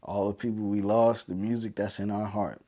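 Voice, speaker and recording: A man's voice: lowish voice, little pitch movement, brisk, dark tone. A man hosting a podcast, telling heartfelt family stories, choked up and emotional, with many fillers. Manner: heartfelt, repetitive, lots of fillers. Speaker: podcast host. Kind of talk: emotional personal storytelling.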